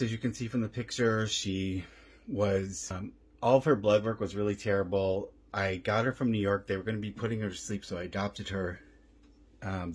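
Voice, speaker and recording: Husky-voiced man chatting on a vlog. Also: lowish voice, darkish tone. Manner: chatty, repeats questions. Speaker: vlogger and cat rescuer. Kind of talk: casual vlog commentary. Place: home.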